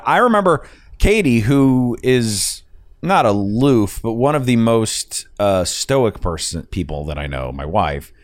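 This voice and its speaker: Rambling, profane man with a lively voice. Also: mid-range voice, measured pace, dry recording, studio quality. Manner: rambling, profane, laughs at own stories. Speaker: podcast host. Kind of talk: casual chat.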